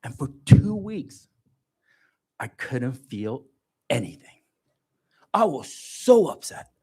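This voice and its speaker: A man giving a personal testimony at a church livestream, telling his story in an animated way and joking about himself. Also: mid-range voice, slow, breathy edge. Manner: animated storytelling, self-joking, laughs often. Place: church gathering.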